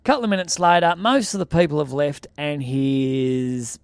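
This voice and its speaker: A man's voice: on the high side, moderate pace, clear, resonant tone, no room sound. An Australian man, a podcast co-host and comedian, telling a rambling story in casual chat and acting out the voices in it. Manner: rambling, repeats and restarts, acts out voices in the story.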